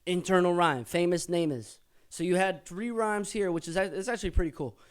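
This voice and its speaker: A man's voice: high voice, brisk, smooth. A man explaining his own rap lyrics in a casual, profane way, thinking aloud and correcting himself as he goes. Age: older than he was. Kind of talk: casual explanation with rapped excerpts.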